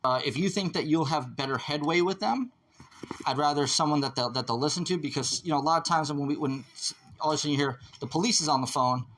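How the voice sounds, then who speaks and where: A man working as a police officer, calmly questioning a witness in a conversational way with frequent restarts, recorded on his bodycam. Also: a little high, fast talker. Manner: calm, conversational, stammers and restarts.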